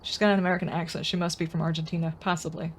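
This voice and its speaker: A woman's voice: fairly low pitch, level tone, racing, a little hiss or hum. A woman streaming a game, chatting casually and rambling as she answers her viewers' comments. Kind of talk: casual live-stream chat.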